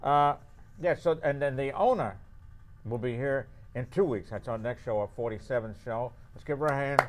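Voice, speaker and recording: A man with a medium-pitched voice and moderate pace hosts a local cable variety show, teasing his guests with constant jokes. He wisecracks and laughs often amid faint room noise.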